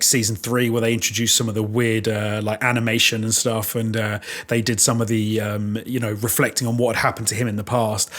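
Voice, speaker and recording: A British man hosting a podcast, chatting frankly and laughing often. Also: mid-range voice. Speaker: podcast host. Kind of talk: casual chat.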